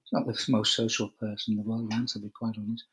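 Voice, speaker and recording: An older man with a husky, slightly breathy voice tells a story at an easy, chatty pace. He acts out the lines he quotes, speaking into a video call. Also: lowish voice, flat delivery, quick pace, a bit bright, poor audio. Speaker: guest, cycling commentator. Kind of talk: relaxed anecdotal storytelling.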